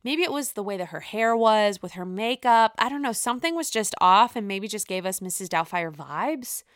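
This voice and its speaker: A woman's voice: mid-range voice, lively intonation, normal speed, fairly bright tone, dry recording, studio quality. A woman giving casual solo commentary as a reality TV fan, chatty, gushing and freely swearing.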